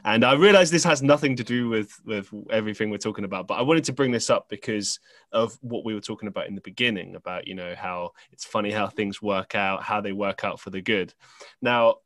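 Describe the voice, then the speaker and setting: A man's voice: on the low side, a little fast, a bit bright, no room sound. An English man hosting a podcast, telling a story in a rambling, chatty way with lots of fillers and restarts. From England. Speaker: podcast host. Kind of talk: casual conversational storytelling. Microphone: podcast microphone.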